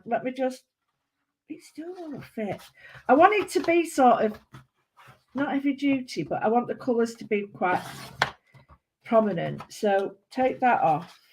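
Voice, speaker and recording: A craft tutor with a slightly high voice runs a chatty live demonstration, rambling giddily and exclaiming often to her viewers. The recording is rough, with a faint hiss or hum.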